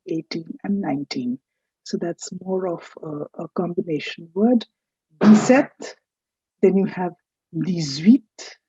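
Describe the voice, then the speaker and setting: Woman, patient teacher, very slow pace, dull lo-fi sound. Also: lowish voice, mellow, slightly rough, no room sound. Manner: slow, patient, repeats words for learners to copy. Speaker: French teacher. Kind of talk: recorded language lesson. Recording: dull lo-fi dry recording.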